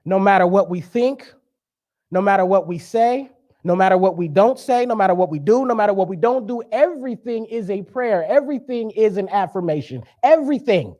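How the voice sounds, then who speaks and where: A man's voice: sits high, lively intonation, a little fast, darkish tone. A young man giving a sermon as a guest speaker, conversational and joking, with emphatic preaching.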